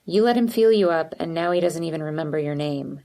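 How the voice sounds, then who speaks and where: A woman's voice: sits low, fairly quick, mellow. A woman voicing a blunt, sarcastic teenage girl. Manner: sarcastic, direct.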